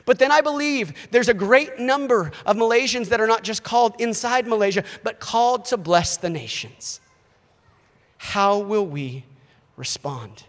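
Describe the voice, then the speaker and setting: A man in his thirties, a missionary preaching a sermon in an animated way, acting out voices. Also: very high-pitched, long reverb tail. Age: 30s. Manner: animated, acts out quoted voices.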